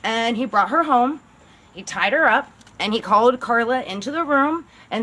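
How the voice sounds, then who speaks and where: A woman's voice: fairly high pitch, lively intonation, moderate pace, bright, forceful tone. A woman telling a true-crime story as a channel host, in a casual, blunt, sarcastic way, swearing now and then.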